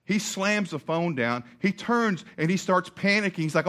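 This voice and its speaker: A man preaching a sermon, telling a story about himself with lively humor and laughter. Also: high-pitched, unhurried, hardly any pauses. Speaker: pastor.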